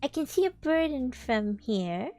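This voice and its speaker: A woman voicing a simple, good-natured male teddy bear in a storybook reading, innocent and unhurried. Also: high voice, sing-song, a little mellow, faint music behind, heavily acted.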